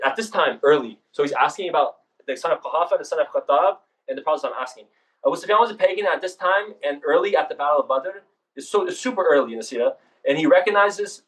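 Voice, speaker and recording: A young man leading a student discussion, retelling history in a rushed, casual way with many restarts. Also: fairly high pitch, a bit bright, recorded from a distance, rough recording. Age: young adult. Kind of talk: informal religious history talk.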